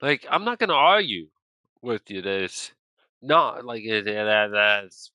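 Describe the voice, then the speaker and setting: Lively young man chatting to his stream. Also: lowish voice, a little slow, no room sound. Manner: lively, exasperated, talks to chat. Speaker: gaming streamer. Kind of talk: casual live game chat.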